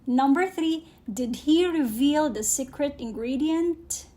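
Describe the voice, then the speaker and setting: A woman with a Filipino accent teaching an English grammar lesson, speaking slowly and deliberately and checking in with listeners often. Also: high voice, mellow. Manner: slow and deliberate, often checks in with "okay?" and addresses "guys".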